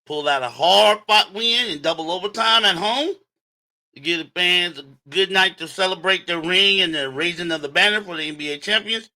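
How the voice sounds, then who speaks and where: A man hosting a sports livestream, breaking down games in an emphatic, animated way and talking straight to his viewers. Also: sits high, normal speed. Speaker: sports show host.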